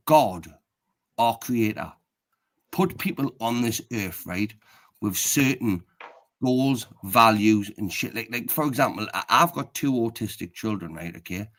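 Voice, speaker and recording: A man's voice: fairly low pitch, expressive, a little slow, sharp tone. A middle-aged man, rambling in casual chat and tagging most phrases with "right, okay?".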